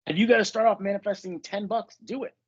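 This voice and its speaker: A man's voice: high voice, fast, husky, dull audio. A man hosting a podcast as a manifestation coach, telling stories in a casual, joking way with plenty of swearing. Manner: profane, joking, animated storytelling.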